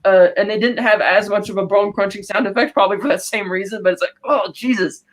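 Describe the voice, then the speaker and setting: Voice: mid-range voice, fairly even intonation. Rambling podcast host recapping a film. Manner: rambling, retells scenes with quick quoted asides.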